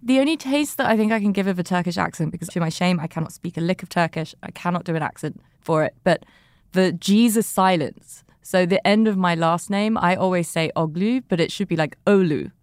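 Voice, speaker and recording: A woman's voice: lowish voice, brisk, no room sound, studio quality. A woman hosting a podcast interview, talking in an enthusiastic, chatty way. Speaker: podcast host. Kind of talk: conversational interview.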